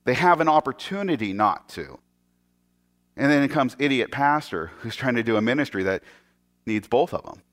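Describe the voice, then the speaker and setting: A man preaching a sermon as a pastor, telling an animated story, acting out the voices of the people in it and often restarting his sentences. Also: medium pitch, normal speed. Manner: animated storyteller who acts out quoted voices; frequent stammered restarts.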